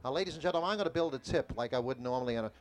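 An older man demonstrating a carnival sideshow talker's pitch, with booming, rhythmic showman patter. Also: lively intonation, very fast. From California.

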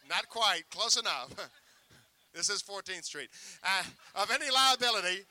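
A man's voice: high voice, expressive, measured pace, sharp tone. A man working as a sideshow magician, teasing a young volunteer with joking stage patter. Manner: joking, teasing showman banter.

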